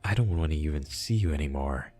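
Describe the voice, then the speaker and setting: A bitter, betrayed young man, read aloud by a man in a low, husky, dark voice. His words turn pleading and sarcastic. Faint music plays behind. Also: expressive, quick pace, exaggerated voice. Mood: distraught. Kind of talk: reading a visual novel aloud.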